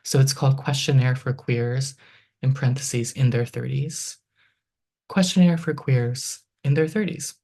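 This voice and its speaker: A poet in their thirties reads their own work aloud at a steady middle pitch, stepping through long lists and strings of questions line by line. Between poems the voice drops into loose, chatty asides full of ums. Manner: reads lines in a halting, list-like rhythm. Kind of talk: poetry reading.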